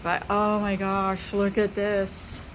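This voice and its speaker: A woman vlogging casually at home with a handheld camera, chatty and quick to laugh. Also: medium pitch, completely flat delivery, slight background noise. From Southern United States. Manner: chatty, laughs often, coos at pets. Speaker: vlogger, mom. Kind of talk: casual vlog chat. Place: home and snowy backyard.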